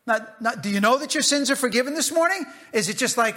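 A middle-aged American man preaches with a high, bright, ringing voice. He repeats his phrases for emphasis and swings from loud exclamations down to hushed asides. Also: expressive, brisk, few pauses. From United States. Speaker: pastor. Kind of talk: sermon.

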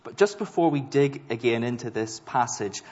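A man preaching a sermon to a congregation, earnest and emphatic, leaning on slow stressed words. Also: mid-range voice, lively intonation, a little mellow. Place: church hall. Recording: dull sound with long hall reverb.

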